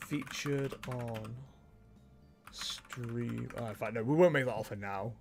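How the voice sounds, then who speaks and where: A man's voice: medium pitch, slow pace, pauses often, faint music behind. A young man chatting casually on a livestream while he plays, laughing often and poking fun at himself. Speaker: streamer.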